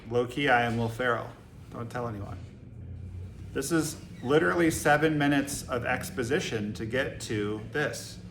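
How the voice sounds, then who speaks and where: A man's voice: medium pitch, normal speed, a bit bright. A man from Boston leads a dharma talk in a meditation hall. He speaks in a casual, joking way and keeps asking rhetorical questions. His mid-range voice rings through an echoey room, with a faint hum behind it. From Boston, USA. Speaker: Zen teacher. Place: meditation hall with a live audience.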